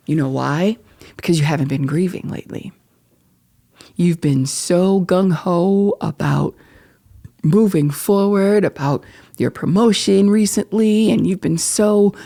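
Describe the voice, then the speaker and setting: A middle-aged woman with a dark, gravelly, husky voice. She talks in an earnest, reflective way as host of her own podcast, often sinking into near-whispers. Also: on the low side. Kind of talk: personal reflective monologue.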